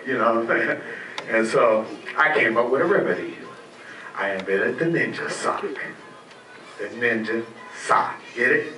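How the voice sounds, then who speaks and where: A man doing an open-mic stand-up set in a comedy club, animated, slangy, laughing at his own jokes and making squeaky sound effects. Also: a little slow, slight background noise. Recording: roomy club sound from a distant camera.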